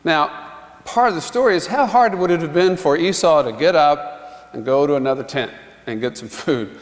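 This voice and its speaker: Pastor preaching in a reverberant church. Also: male voice, a little high, normal speed. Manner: conversational, chuckling asides, acts out quotes. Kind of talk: sermon. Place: church sanctuary.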